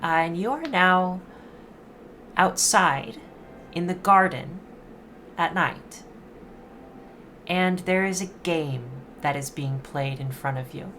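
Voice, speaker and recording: A woman narrating a tabletop game as game master, describing scenes in a halting way with many fillers as she searches for words. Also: on the low side, fairly bright tone, slight background noise.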